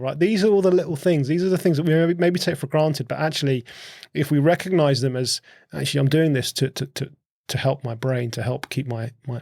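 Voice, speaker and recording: A man's voice: medium pitch, a little mellow, dry recording, clean studio sound. A man co-hosting a podcast, explaining ideas in a casual chat, often restarting words and asking questions. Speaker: podcast co-host.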